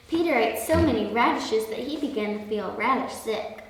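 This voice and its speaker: A woman reading a children's story aloud, slow and expressive. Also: a little high. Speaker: story reader. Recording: echoey hall, far from mic.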